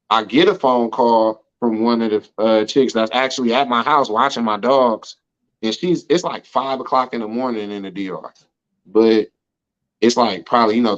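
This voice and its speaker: A man's voice: medium pitch, lo-fi sound. An American man casually telling stories in an interview, loose and slangy, always checking in with "you know what I'm saying.". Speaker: interview guest. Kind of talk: casual storytelling chat.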